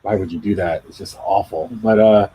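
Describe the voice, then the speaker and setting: A man's voice: low-pitched, steady tone, moderate pace, dark tone, breathy edge, low-quality recording. A middle-aged man chatting casually on a live drawing stream, rambling and self-deprecating. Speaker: comic artist hosting a live drawing stream. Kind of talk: casual chat.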